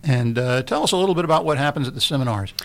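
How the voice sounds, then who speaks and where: A man hosting a morning radio interview with a voice of middling pitch. He talks haltingly and fills his questions with many "uh"s and "um"s. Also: animated, a bit bright. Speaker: radio show host.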